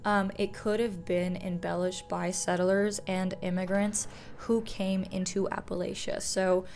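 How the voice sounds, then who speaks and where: A woman's voice: mid-range voice, little pitch movement, a little slow, a little mellow, a little hiss or hum, low-quality recording. A young woman telling folklore on her vlog in a loose, profane, self-mocking way. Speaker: folklore vlogger. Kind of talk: casual storytelling vlog.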